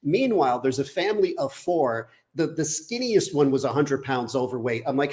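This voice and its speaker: A man's voice: fairly high pitch, animated, moderate pace, few pauses, darkish tone. A middle-aged man, a fitness trainer, ranting bluntly and profanely in a casual podcast chat.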